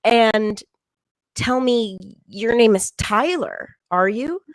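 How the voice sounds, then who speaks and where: A woman-voiced comedian putting on a coy, fussy middle-aged mother with a high, prissy, hushed voice during a stand-up set from home. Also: lively intonation, slow pace, no room sound, poor audio. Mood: prim. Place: home, virtual show.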